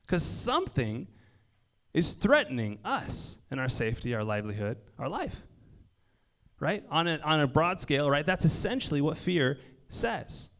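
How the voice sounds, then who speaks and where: Conversational preacher man, hushed emphasis. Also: fairly high pitch, creaky. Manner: conversational, frequent "like" and "right?", drops to quiet emphasis. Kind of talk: casual sermon. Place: indoor gathering near a lake.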